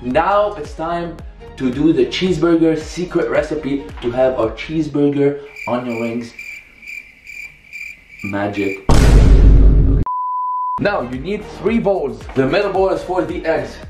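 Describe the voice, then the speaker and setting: A young man talks casually through a recipe, upbeat and chatty as he works, with a fairly high voice. He is recorded in a home kitchen on a camera someone else holds, with a roomy echo. Clear background music plays under him. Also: takes it slowly, long pauses. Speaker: cooking vlogger. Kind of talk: casual cooking tutorial. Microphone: camera held by another person. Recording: echoey room with music behind.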